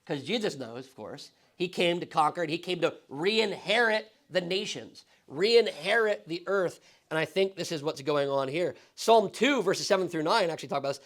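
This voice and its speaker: High-voiced pastor teaching casually. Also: male voice, expressive, moderate pace, fairly bright tone. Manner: casual, asks the class questions, frequent "right?". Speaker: pastor teaching Bible study. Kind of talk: conversational Bible teaching. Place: church classroom.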